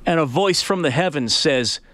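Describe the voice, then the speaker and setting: A man's voice: fairly high pitch, expressive, moderate pace, a bit bright, dry recording. Man hosting sports radio, dry sound. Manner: casual, storytelling, many fillers.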